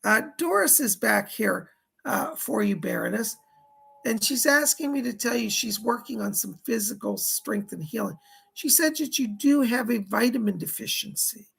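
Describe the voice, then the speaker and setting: A man hosting a live psychic reading stream. He sounds hoarse as he chattily relays spirit messages and thanks viewers by name. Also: sits high, expressive, moderate pace, a bit bright. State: dry throat, hoarse.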